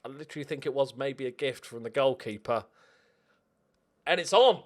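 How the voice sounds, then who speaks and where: A man hosting a football management game playthrough, commentating in an excitable, sarcastic, self-mocking way. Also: mid-range voice, moderate pace. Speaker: let's play host. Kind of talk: gaming commentary.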